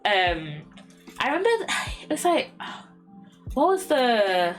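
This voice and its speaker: A woman's voice: a little high, sing-song, slow pace. A young woman with an English accent, chatting casually on a stream and rambling through a story with many ums and restarts. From England. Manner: rambling, many ums and restarts, retells scenes in quoted voices. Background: soft lofi music.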